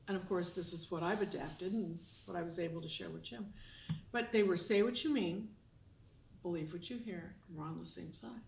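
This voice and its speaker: A woman's voice: lowish voice, moderate pace, gravelly. Woman host chatting away with her husband, roomy echo. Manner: chatty, acts out little dialogues. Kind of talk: casual chat. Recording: echoey room, mic at a distance.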